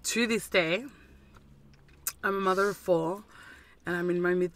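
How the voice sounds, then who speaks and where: A woman in her thirties from Fiji chats casually, telling family stories. She acts out the people in them with lively imitation. Her voice has a bright, forward tone. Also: on the low side, a little slow. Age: 30s. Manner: animated storyteller who mimics her dad. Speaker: host. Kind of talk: casual chat.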